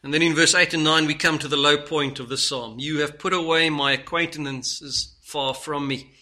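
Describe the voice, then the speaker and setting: Bright-voiced man preaching a sermon. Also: fairly high pitch, fairly even intonation, moderate pace. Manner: earnest, swinging from loud to hushed.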